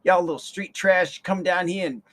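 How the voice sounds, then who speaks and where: A man voicing a scornful woman who scolds street kids, in a sneering, rapid rant. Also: high voice, fairly even intonation, fairly bright tone, voice pushed up.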